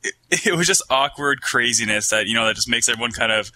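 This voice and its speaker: A man co-hosting a casual podcast, chatty and quick to laugh. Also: medium pitch, lively intonation, pushed and bright. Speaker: podcast co-host. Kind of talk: casual chat.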